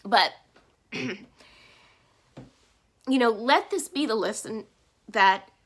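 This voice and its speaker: A woman's voice: a little high, extremely slow. A woman talking to camera in a personal vlog, earnest and heartfelt, speaking openly about her feelings. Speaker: vlogger.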